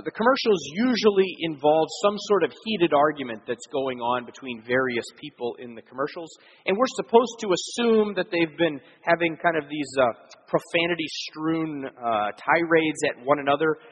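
A man's voice: on the high side, husky. A man preaching a sermon as pastor, explaining earnestly with frequent fillers. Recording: long hall reverb.

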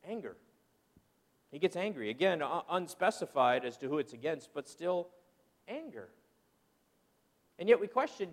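A middle-aged man preaching a sermon as pastor, animated and acting out people's excuses in quoted voices. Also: on the high side, normal speed, long pauses, big-room sound.

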